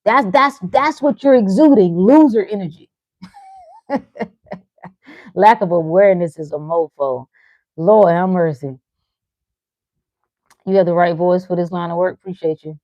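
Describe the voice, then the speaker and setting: A woman with a low-pitched, warm and relaxed voice gives a blunt motivational talk, swearing freely. She teases her listeners and lets short laughs break up her points. The sound is close and dry, with no room in it. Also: unhurried, pauses often, no echo, muffled recording. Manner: frank, profane and teasing, with short laughs. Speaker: livestream host reading chat.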